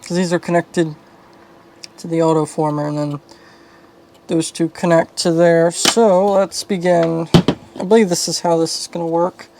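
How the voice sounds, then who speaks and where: A woman's voice: fairly even intonation, unhurried, background noise. A woman casually narrating a hands-on fan wiring repair, thinking aloud and muttering as she works at a bench. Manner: thinking aloud, low-key, muttering while working. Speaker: video host.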